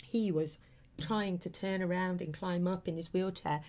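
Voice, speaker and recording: A woman's voice: fairly low pitch, fairly even intonation, moderate pace, darkish tone. A woman hosting a talk show, telling a personal story in an earnest, heartfelt, rambling way with many fillers. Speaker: host.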